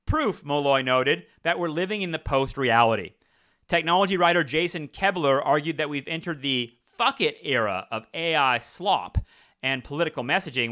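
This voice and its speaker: A man's voice: fairly high pitch, bright, forceful tone. A man hosting a podcast, reading news aloud and breaking off into sarcastic, profane asides. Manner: sarcastic, profane asides between read passages. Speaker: podcast host.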